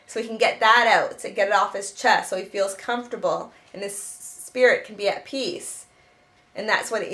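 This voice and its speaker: Woman, self-help teacher, slightly high voice, earnest and explanatory, frequent restarts. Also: fairly bright tone. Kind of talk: spoken self-help advice.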